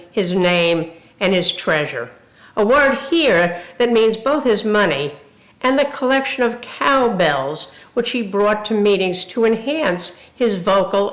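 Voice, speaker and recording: An older woman, a retired university president, telling funny stories in a tribute speech. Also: mid-range voice. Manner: warm humorous storytelling. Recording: roomy echo.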